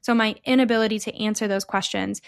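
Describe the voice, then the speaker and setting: Speaking quickly in a gravelly, medium-pitched voice with a steady tone, this woman co-hosts a podcast. Her casual chat is earnest and explanatory, and at times she softens into a gentle voice.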